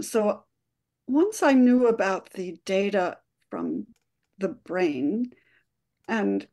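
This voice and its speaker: A woman speaking as an expert guest on a radio show, calmly explaining research. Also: a little high. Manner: calm, explanatory, measured.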